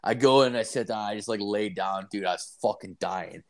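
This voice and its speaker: A man's voice: fairly low pitch, brisk. A young man telling a crude story in casual chat, swearing constantly and rambling as he acts out what people said. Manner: profane, rambling, acts out quotes.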